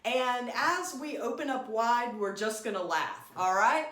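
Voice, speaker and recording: A woman's voice: a little high, expressive, a little slow, a bit bright, echoey room. A woman leading an online laughter yoga class, coaxing the group through exercises and breaking into laughter herself. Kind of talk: guided group exercise instruction.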